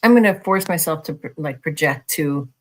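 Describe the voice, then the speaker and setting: A podcast co-host in casual conversation, talking haltingly with constant "like" and "you know what I mean". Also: mid-range voice, lively intonation, fairly bright tone.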